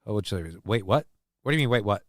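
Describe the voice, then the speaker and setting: A man's voice: lowish voice, fast talker, no room sound, studio quality. A man hosting a casual livestream, rambling, swearing freely and poking fun at himself while reading chat. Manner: rambling, profane, self-mocking. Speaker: livestream host.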